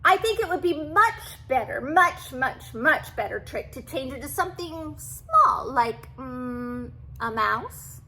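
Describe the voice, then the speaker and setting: Older lady doing a sly storybook tomcat, high squeaky voice, sweet-talking and meowing, super bouncy. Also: slow, few pauses, full character voice, low-quality recording. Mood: flattering. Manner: flattering, meowing between words. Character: cunning smooth-talking male cat.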